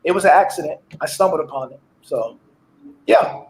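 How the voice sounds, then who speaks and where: A man's voice: on the high side, moderate pace. A man on a podcast, laid-back and drawling, often adding "man" as he jokes. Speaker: podcast guest. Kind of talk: casual comedic chat. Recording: echoey room.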